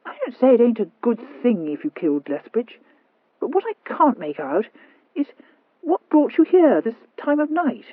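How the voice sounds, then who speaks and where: A woman voicing a tipsy, blustering young Regency viscount who talks loud and blunt. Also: a little high, huge pitch swings, normal speed, slightly rough, no echo, narrow, tinny audio, pitched above the performer's own voice, full character voice.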